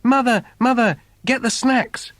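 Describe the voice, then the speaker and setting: A man voicing Jack, an excited young boy from a fairy tale, calling out eagerly. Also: very high voice, unhurried, no echo, pitched above the performer's own voice. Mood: urgent.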